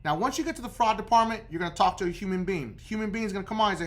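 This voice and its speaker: A man's voice: high-pitched, racing, fairly bright tone. Man giving credit tips, tagging "okay?" everywhere. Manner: checks in with "okay?" after nearly every point. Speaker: credit repair host. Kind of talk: casual how-to talk.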